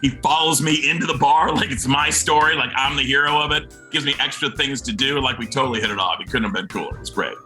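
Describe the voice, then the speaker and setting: A man telling a lively anecdote, acting out the people in it. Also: medium pitch, fast talker, hardly any pauses, soft background music. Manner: lively storytelling, acting out quotes. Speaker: actor telling a story.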